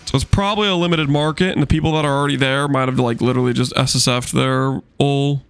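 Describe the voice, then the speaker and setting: A man's voice: medium pitch, steady tone, quick pace, fairly bright tone, clean tone. A man streaming a video game, chatting casually and rambling with lots of fillers while joking with his chat.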